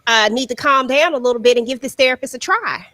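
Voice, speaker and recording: A woman's voice: high voice, quick pace, pushed and bright, dry recording. A woman hosting a casual panel discussion over a video call, chatty and putting questions to her co-hosts. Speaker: discussion host.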